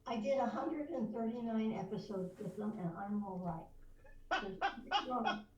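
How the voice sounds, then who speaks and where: An older veteran voice actress, a podcast guest, telling lively anecdotes and slipping into voices. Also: female voice, fairly high pitch, unhurried, lo-fi sound. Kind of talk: storytelling in a podcast interview. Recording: roomy distant mic, faint noise.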